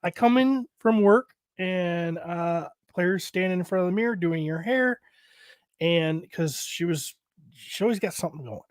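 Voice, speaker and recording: A man's voice: high voice, measured pace, smooth, no echo, clean studio sound. A middle-aged man hosting a podcast, telling a family story in a rambling, profane way and circling back with "so". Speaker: podcast host. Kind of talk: casual chat.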